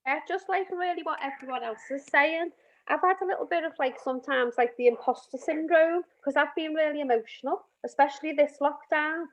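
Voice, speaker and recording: A woman's voice: high-pitched, brisk. A middle-aged woman counsellor talking candidly on a video call, emotional and rambling with restarts. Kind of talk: casual group discussion on a video call. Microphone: video call, camera off. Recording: muffled video call audio.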